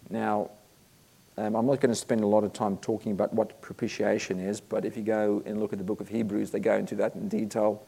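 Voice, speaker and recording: A man's voice: on the low side, level tone, brisk, vocal fry, mellow, breathy edge. A man preaching a sermon, earnest and emphatic, reading Bible verses aloud between points.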